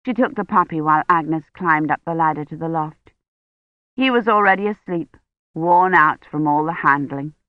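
A woman reading an audiobook in measured, scripted narration. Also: sits low, dry recording. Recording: dull, dry studio audiobook recording.

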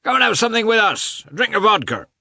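A merry, bearded peasant man shouts a hearty invitation from afar, pitched well above the reader's own voice, as a man narrating a storybook puts him on. The voice is bright and lively. The recording is dry. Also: fast talker, no echo, full character voice. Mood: hollering. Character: merry bearded red-faced male peasant.

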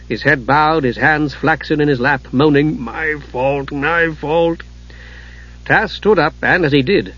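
A man reading a fantasy novel aloud in measured, dramatic audiobook narration. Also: medium pitch, slightly rough. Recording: dull lo-fi recording.

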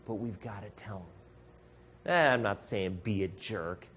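A man's voice: fairly low pitch, slow pace, a little hiss or hum. A man preaching a sermon as pastor, earnest and direct, calling his listeners folks. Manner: earnest, addresses congregation as folks, acts out shouted voices.

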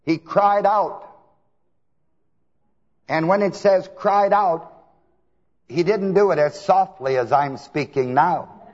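Male preacher, husky voice, slow delivery; lo-fi recording with a long hall echo. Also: fairly high pitch. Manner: asks the congregation to fill in words; emphatic, swings between soft and shouted. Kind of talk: sermon. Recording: long hall reverb, dull lo-fi sound.

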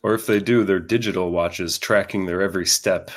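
A man's voice: sits low, steady tone, brisk. A man hosting a casual chat show, joking in a dry way. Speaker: host.

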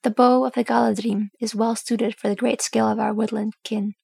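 A woman's voice: on the high side, normal speed, gravelly, slightly rough, dry recording, clean studio sound, heavily acted. Galadriel, a woman reading as a regal elf queen. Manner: calm, stately, formal speech. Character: serene, regal elf queen, wise and gracious.

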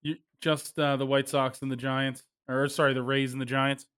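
A man hosting a casual sports betting chat, joking and moving the show along quickly. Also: medium pitch, flat delivery, a bit bright, clear, resonant tone. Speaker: podcast host.

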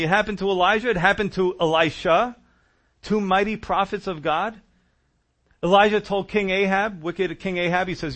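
Fairly high-voiced guy preaching, chatty and animated. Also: normal speed. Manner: conversational storytelling, animated. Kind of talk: sermon.

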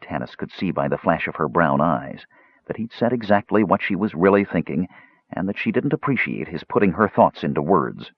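A man narrating a fantasy audiobook with steady, scripted storytelling. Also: low-pitched, brisk, slightly rough, no echo, highs cut off.

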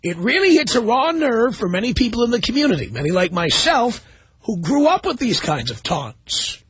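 A man's voice: very high-pitched, big pitch swings, moderate pace, a bit bright, husky, no echo. A man hosting a talk radio show, reading news stories aloud and commenting on them sarcastically.

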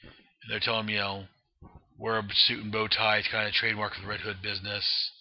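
A man's voice: lowish voice, flat delivery, a little fast, no echo. A man casually narrating and describing a comic book, rambling with many fillers and restarts, on a dull lo-fi recording. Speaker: comic book reader and reviewer.

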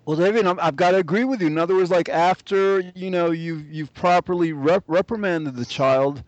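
Man, somewhat high voice, dry sound, agreeable, frequent restarts, podcast guest. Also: fairly quick, no echo, dull audio. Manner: agreeable, restarts often, with fillers. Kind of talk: casual discussion on a call.

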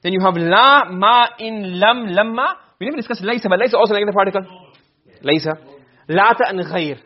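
Brisk, husky-voiced male teacher, on a muffled lo-fi recording, drilling students with questions. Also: high voice. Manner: quizzing students with quick questions. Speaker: Arabic grammar teacher. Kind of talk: classroom lesson.

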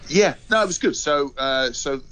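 A man's voice: fairly high pitch, expressive, normal speed, bright, forceful tone, clean tone, low-quality recording. A man on a radio show giving sports news in casual chat, full of fillers and restarts. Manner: hesitant, many fillers and restarts. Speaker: rugby union spokesman.

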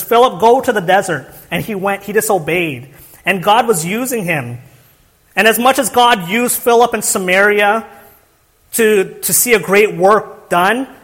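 A young man delivers an earnest sermon, asking his listeners rhetorical questions and often restarting his phrases. His voice sits high for a man. The sound carries a long reverb from a church hall. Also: a bit bright. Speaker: pastor.

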